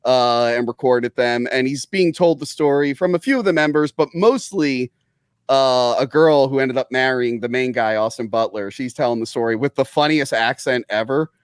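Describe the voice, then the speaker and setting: A man co-hosting a casual movie review podcast, enthusiastic and quick to laugh. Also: mid-range voice, smooth, no echo, studio quality. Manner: enthusiastic, laughs often, animated. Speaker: podcast co-host.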